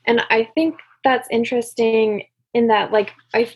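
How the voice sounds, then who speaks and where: A woman's voice: on the high side, steady tone, measured pace, husky. A woman chatting eagerly and casually about a poem, with many fillers. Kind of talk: casual chat.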